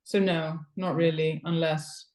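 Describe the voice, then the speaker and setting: A woman's voice: low-pitched, little pitch movement, measured pace, a little mellow. A woman with a Gibraltarian English accent, co-hosting a podcast and explaining coaching points in a loose, thinking-aloud way. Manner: explanatory, restarts and trails off in thought. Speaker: podcast co-host and pickleball coach. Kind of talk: casual chat. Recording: echoey room.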